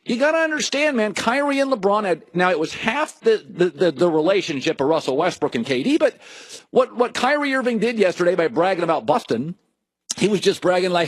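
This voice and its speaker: A middle-aged man hosting a sports talk show, riffing in an opinionated monologue full of jokes and quick asides. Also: sits high, very animated, no room sound. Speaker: sports radio host.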